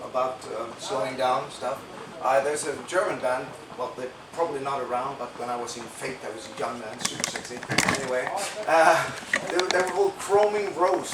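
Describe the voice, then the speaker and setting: A male guitarist telling a story on a panel in a joking, self-mocking way and swearing freely. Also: mid-range voice. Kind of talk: panel discussion. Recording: echoey room, distant mic, loud noise.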